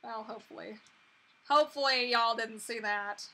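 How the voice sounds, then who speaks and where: A young woman hosting a casual live-stream Q&A, chatty and bubbly, breaking into excited squeals. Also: fairly high pitch, normal speed. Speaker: mermaid channel host.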